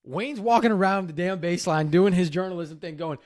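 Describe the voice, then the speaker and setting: A man's voice: sits high, fairly quick, no echo, studio quality. Enthusiastic male podcast host. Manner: animated storyteller, enthusiastic. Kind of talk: casual podcast chat.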